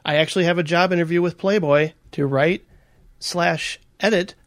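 Man, podcast co-host, fairly high voice, casual chat, reads mail with laughing asides. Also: steady tone, normal speed. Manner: reads a listener letter aloud with laughing asides.

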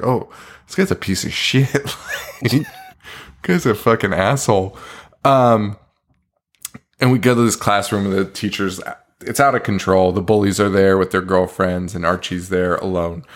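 A man co-hosting a podcast, recapping a bad horror movie in casual chat, swearing freely and laughing often. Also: on the low side. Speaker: podcast co-host.

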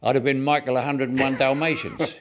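An older man in his eighties speaks with a rough Cockney London accent. He tells anecdotes in a relaxed interview and laughs at his own punchlines. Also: medium pitch, fairly quick, a little hiss or hum. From England. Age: 80s. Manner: chatty storyteller who laughs at his own jokes.

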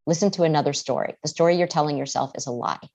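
A woman's voice: sits low, quick pace, a little mellow. A middle-aged woman, a therapist and author, speaking earnestly as a guest in a podcast interview. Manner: earnest, acts out quoted voices.

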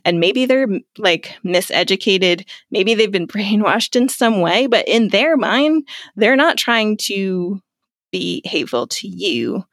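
A woman's voice: medium pitch, dry recording, studio quality. A woman speaking as a guest in a casual interview, chatty, with many fillers and frequent laughs. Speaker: guest, clarity coach.

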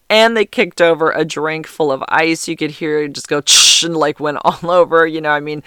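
A man tells a story on his home podcast, rambling and chatty and full of fillers. His voice sits a little high and sounds smooth and clean. The close podcast mic makes the sound dry. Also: fairly bright tone, no echo. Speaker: podcast host. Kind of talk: casual storytelling.

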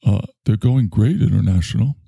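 A man's voice: on the low side, moderate pace, gravelly, mellow, breathy edge, no echo. A man voicing an eager male sidekick in an improvised comedy bit, who obligingly repeats whatever he is told.

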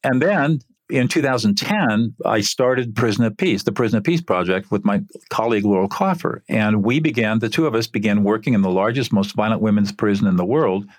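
An older man, an interview guest, telling a story from his work in an earnest, animated way. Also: lowish voice, brisk, few pauses, dry recording, clean studio sound.

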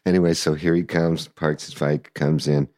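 An older man telling stories in a casual interview, animated and acting out voices and sounds. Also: very deep voice, normal speed, dry recording, studio quality. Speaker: guest musician recalling the past.

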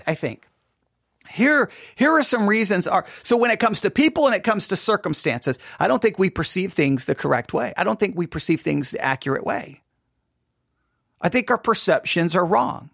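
A man preaching a sermon, emphatic and repetitive, firing off rhetorical questions and sometimes dropping into quiet asides. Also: sits high, creaky, slightly rough, dry recording, clean studio sound.

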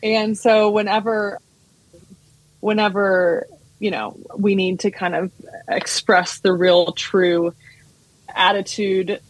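American woman guest, 30s, husky edge, dry close mic, rambling friendly chat. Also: mid-range voice, level tone, slow, pauses often, no echo. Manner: chatty, many fillers and restarts, laughs often. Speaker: sommelier and wine importer, guest. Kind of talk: casual podcast interview.

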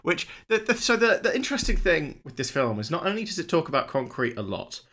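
A man co-hosting a film podcast, chatty and quick to laugh as he explains things at length. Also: fairly high pitch, big pitch swings, sharp tone. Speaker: podcast host. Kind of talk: casual film chat.

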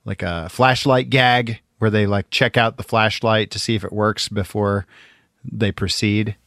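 A man co-hosting a podcast, talking about movies in a relaxed way with frequent fillers. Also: lowish voice, measured pace, creaky, dry recording, studio quality. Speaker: podcast co-host. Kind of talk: casual movie discussion.

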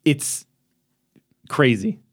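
Swearing, animated male podcast co-host. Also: extremely slow, no room sound, studio quality. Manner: animated, swears a lot, trails off into laughs. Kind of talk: casual chat.

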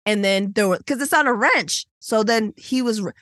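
A woman's voice: a little high, normal speed, no echo, studio quality. A woman co-hosting a podcast, telling a story in casual chat and acting out the people in it. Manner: animated storytelling, acts out quoted people. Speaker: podcast co-host.

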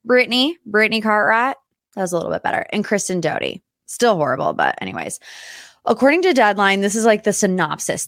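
A young woman talks straight into a close, dry mic as she hosts her own pop-culture podcast. She rambles in chatty tangents with lively asides, in an easy mid-range voice. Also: medium pitch, no room sound. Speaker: podcast host. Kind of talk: casual solo pop-culture chat.

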